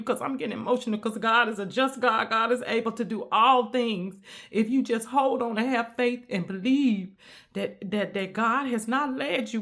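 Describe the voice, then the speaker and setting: A woman's voice: a little high, fairly bright tone. A woman giving an emphatic, repetitive inspirational message in a preacher-like cadence. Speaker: spiritual content creator.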